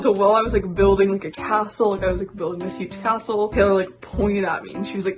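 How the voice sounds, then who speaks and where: A woman's voice: medium pitch, steady tone, fast talker, few pauses, rough recording. A young woman vlogger telling a story casually, with "like" in nearly every phrase. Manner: filler-heavy, constant "like". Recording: music playing behind.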